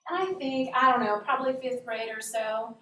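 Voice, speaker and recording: A woman's voice: on the high side, normal speed. Earnest woman speaker in a roomy hall. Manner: earnest, animated storytelling. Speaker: guest speaker. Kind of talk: inspirational personal talk. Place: church hall. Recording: roomy echo from a distant mic, faint hum.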